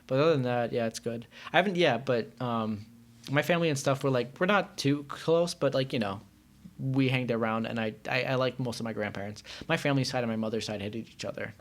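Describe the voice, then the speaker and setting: A man from Iran talks as a podcast guest in easygoing, loose conversation. His speech wanders, packed with fillers and restarts, at a middle pitch. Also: brisk. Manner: rambling, filler-heavy, often says "like". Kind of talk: casual chat.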